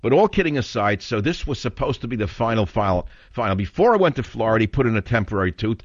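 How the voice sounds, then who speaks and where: A man's voice: lowish voice, sing-song, fast talker, no room sound, muffled recording. An older man hosting a talk radio show, telling rambling stories in an exasperated tone.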